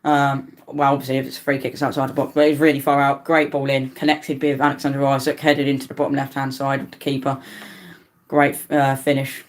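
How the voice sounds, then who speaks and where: Excitable young fan calling a match. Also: male voice, a little fast. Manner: excitable play-by-play that jumps up in pitch on attacks; rambling, with stumbles and restarts. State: tired. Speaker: fan commentator. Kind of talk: live match watch-along commentary.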